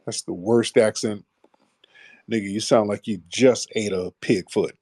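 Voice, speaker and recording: Male call-in host, blunt and slangy, a little low-voiced, dry close sound. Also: fairly even intonation, a little slow, a little mellow, husky, no room sound. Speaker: host of a call-in audio show. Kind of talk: live call-in talk.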